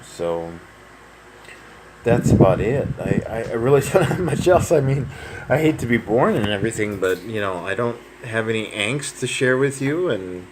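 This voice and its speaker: A man's voice: mid-range voice, expressive, normal speed. A man in his thirties, rambling through a casual personal update to his viewers, full of fillers and restarts. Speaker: vlogger. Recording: noisy home recording.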